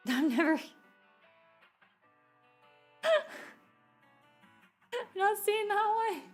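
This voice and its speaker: A woman's voice: extremely high pitch, big pitch swings, drawn-out words. A woman streamer chatting casually while she draws, rambling and laughing often. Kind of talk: casual chat while drawing. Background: faint background music.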